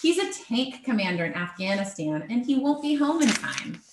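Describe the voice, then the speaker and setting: A woman's voice: on the high side, sing-song, normal speed, noisy background. A woman voicing a cocky, careless teenage boy who talks in a dismissive, offhand way, read in a storybook style. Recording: roomy echo.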